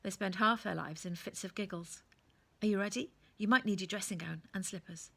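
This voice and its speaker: A woman's voice: medium pitch, brisk, gravelly, fairly bright tone. A woman reading aloud and voicing a learned, chatty, courteous male owl with a playful, wordy manner. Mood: genial.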